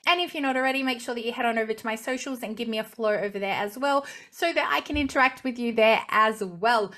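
A young woman with a slightly high voice talks through a show's finale in a casual vlog. She gushes like an excited fan, chatty and warm-hearted about what she watched. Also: fast. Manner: gushing, enthusiastic fan. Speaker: TV review vlogger. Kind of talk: casual TV review monologue.

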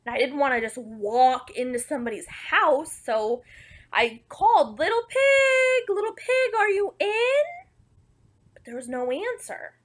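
A woman reads a picture book aloud, telling it in the first person with playful asides to her listeners. Her voice sits high and swings widely in pitch. She takes her time, leaning on each phrase. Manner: expressive, playful, conversational asides. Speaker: storybook reader.

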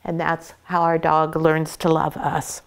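Smooth-voiced woman breeder teaching puppy care. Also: deep voice, unhurried. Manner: calm and gentle, breaks into praise for the dogs. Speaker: dog breeder. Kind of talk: instructional puppy-care talk.

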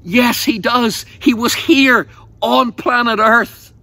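Passionate preacher, bright voice. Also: male voice, very high-pitched, slow, vocal fry, no room sound. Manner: passionate, vivid storytelling with dramatized quotes. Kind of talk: evangelistic sermon.

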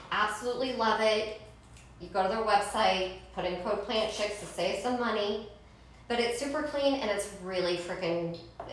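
Bubbly higher-voiced woman chatting through meal prep, kinda far from the mic in a real echoey kitchen. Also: slight background noise. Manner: chatty, eats while talking, laughs easily. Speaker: cooking show host. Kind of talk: casual cooking demo. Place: home kitchen.

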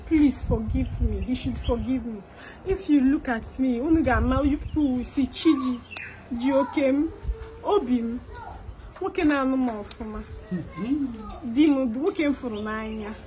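Pleading Nigerian woman, high voice. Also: unhurried, mellow, a little hiss or hum. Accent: Nigerian, Igbo-inflected English. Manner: pleading, begging, repeating herself; mixes English with Igbo. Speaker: skit performer. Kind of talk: comedic skit monologue.

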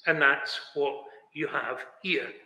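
A slightly high male voice, pushed and bright, delivers a sermon slowly in a chapel full of long, echoing reverb. He speaks emphatically and straight to the congregation, asking rhetorical questions.

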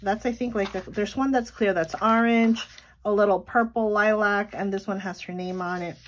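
A woman's voice: medium pitch, steady tone, moderate pace, slight background noise. A woman in her thirties chatting casually at home as she vlogs about running her small sticker shop, with lots of fillers and small laughs. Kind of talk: casual vlog chat.

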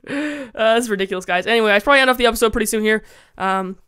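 A woman's voice: a little high, very fast, fairly bright tone, clean tone, dry recording, studio quality. A woman giving casual, giggly commentary while playing a game and talking to her chat, squealing when she is attacked. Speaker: Minecraft let's-play gamer.

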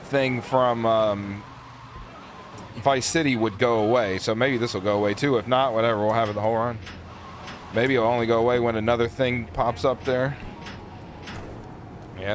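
A man's voice: mid-range voice, a little hiss or hum. Profane, laid-back gaming streamer guy. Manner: loose, profane, chatty, reads out chat messages. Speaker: streamer and speedrunner. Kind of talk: casual live-stream chat while playing.

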